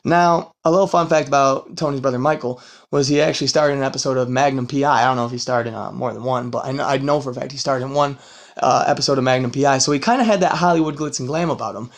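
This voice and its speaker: A man's voice: mid-range voice, fast talker. Guy hosting a podcast, rambly and sweary, kinda worn out, lots of um and you know. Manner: rambling and profane, full of fillers and laughs. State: tired from a long work week. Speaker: podcast host. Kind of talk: casual true-crime podcast chat.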